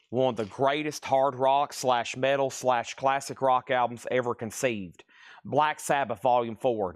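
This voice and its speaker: A man hosting a live-streamed record sale, listing items at a rapid clip and slipping into playful sales pitches. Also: dry recording, studio quality. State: out of breath. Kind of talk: live-stream auction patter.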